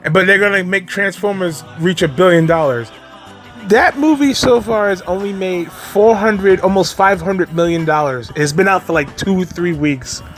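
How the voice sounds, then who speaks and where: A man's voice: high-pitched, normal speed, soft background music. A man ranting casually about moviegoers and fanboys, exasperated and profane, with frequent laughs and restarts. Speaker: movie commentary vlogger.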